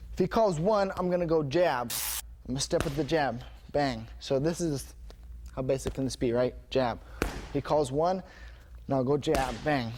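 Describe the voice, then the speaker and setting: Man, martial arts instructor, energetic, slightly high voice, noisy gym. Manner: energetic, punctuates moves with "bang". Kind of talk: instructional striking demonstration.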